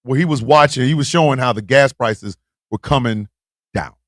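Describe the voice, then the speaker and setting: A man hosting a live stream, ranting loudly and profanely, shouting and laughing, then dropping to a mutter. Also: mid-range voice, moderate pace, dry recording, clean studio sound.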